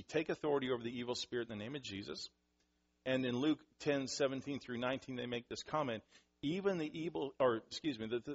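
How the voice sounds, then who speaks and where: A man preaching a sermon, animated, acting out scenes with sudden loud outbursts. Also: a little high, muffled recording. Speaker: pastor.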